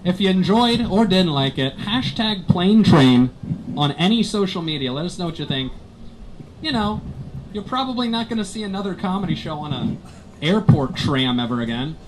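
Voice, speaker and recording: A male stand-up comedian doing self-mocking, deadpan bits for commuters on an airport tram. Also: sits high, normal speed, slight background noise, poor audio. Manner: self-mocking, wraps up the show again and again.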